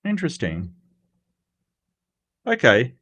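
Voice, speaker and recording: A man's voice: medium pitch, huge pitch swings, slow pace, fairly bright tone, muffled recording. Chatty Australian man, rambling. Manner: rambling, many fillers and restarts, playful. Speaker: livestream host. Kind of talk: casual live chat reading comments.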